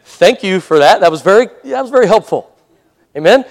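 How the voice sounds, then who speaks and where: High-voiced man preaching a sermon. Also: expressive, a little fast, vocal fry. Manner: conversational, laughing asides, calls of amen. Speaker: pastor.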